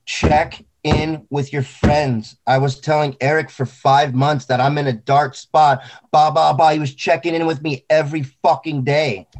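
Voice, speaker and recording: A man's voice: a little high, little pitch movement, moderate pace. A man talking casually about grief, intense and rambling, swearing often. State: grieving. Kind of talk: emotional casual talk.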